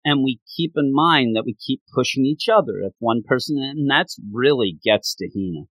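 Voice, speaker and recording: A man co-hosting a casual chat about a manga, animated and acting out characters' lines. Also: mid-range voice, moderate pace, dry recording, poor audio. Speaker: podcast co-host.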